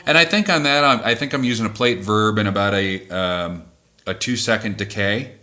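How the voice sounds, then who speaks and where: A man who sings in a cover band, calmly explaining how he builds a track, pausing to correct himself as he goes. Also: lowish voice, soft background music. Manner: measured, thoughtful, self-correcting. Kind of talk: explaining music production.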